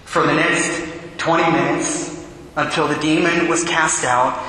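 A man's voice: a little high, steady tone, measured pace, sharp tone. A man, a priest, preaching a sermon and telling vivid stories, acting out the voices in them. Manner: vivid storyteller, acts out quotes. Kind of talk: sermon with storytelling. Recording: echoey church hall with long reverb.

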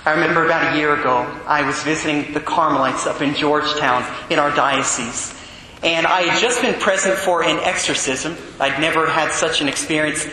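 Bright-voiced priest in echoing church. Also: male voice, fairly high pitch, a little fast, slight background noise. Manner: conversational, emphatic, keeps asking the listeners "right?". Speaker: Catholic priest. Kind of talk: Gospel reading and homily. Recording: echoey church hall with long reverb.

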